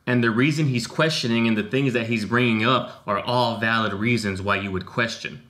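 A man giving casual, profane, animated commentary as he reacts to a rap song. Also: on the low side. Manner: animated and profane, talks in a street slang register. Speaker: music reaction YouTuber.

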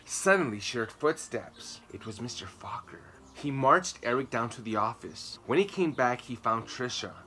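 Bright-voiced man reading a storybook aloud. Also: mid-range voice, normal speed, few pauses, a little hiss or hum. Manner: expressive, dramatic swings in loudness and pace. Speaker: storytime reader and educator. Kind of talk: children's book read-aloud.

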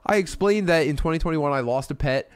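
A man's voice: a little high, fast talker, smooth. A man telling a rambling, profane comedy story on a live stream, full of restarts and asides.

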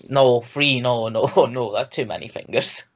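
A man's voice: medium pitch, measured pace, dull audio. A young man co-hosting a reaction video, laughing through crude casual banter.

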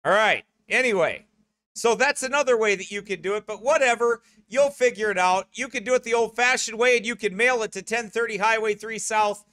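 A man's voice: sits high, sharp tone, no echo, studio quality. A middle-aged American man, a pastor, making rambling church announcements with joking asides. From United States. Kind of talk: church announcements before a sermon.

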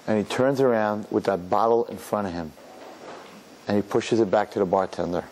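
A middle-aged rabbi telling a story as a sermon, acting out the characters and mixing in Yiddish and Hebrew words. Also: male voice, on the low side, normal speed, darkish tone, a little hiss or hum.

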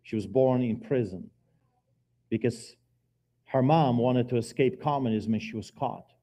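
Man preaching a dramatic testimony, dark voice. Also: mid-range voice, unhurried, slight background noise. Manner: dramatic storytelling with emphatic swings in loudness. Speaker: guest preacher giving testimony. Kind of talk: testimony sermon. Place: church.

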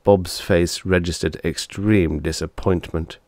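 A man's voice: low-pitched, fairly even intonation, measured pace, darkish tone, no room sound. A man reading vintage science fiction aloud as scripted audiobook narration, with a dry storytelling delivery. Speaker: audiobook reader.

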